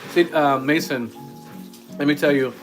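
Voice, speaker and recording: A man's voice: a little high, fairly even intonation, measured pace, low-quality recording. Man chatting over guitar music. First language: Spanish. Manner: reads viewer comments aloud and chats between bites. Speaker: livestream co-host. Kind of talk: casual live-stream chat. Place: home kitchen. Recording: guitar music playing behind.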